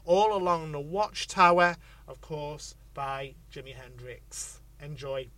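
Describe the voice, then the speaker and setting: A man's voice: on the high side, steady tone, slow pace, very noisy. A man with a Liverpool accent, hosting a radio show and chatting in a reflective, easygoing way with frequent fillers. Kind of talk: casual interview chat.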